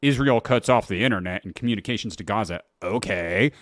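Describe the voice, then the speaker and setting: A man's voice: on the low side, a little fast, dry recording, clean studio sound. A middle-aged man hosting his podcast alone, telling a story in a casual, incredulous way, swearing and laughing at his own story. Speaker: podcast host. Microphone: close podcast mic.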